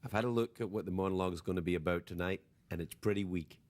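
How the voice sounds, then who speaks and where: A man's voice: deep voice, rapid-fire, noisy background. A man hosting a late-night talk show, rambling through a playful, self-mocking comedic monologue in a television studio. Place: television studio with live audience.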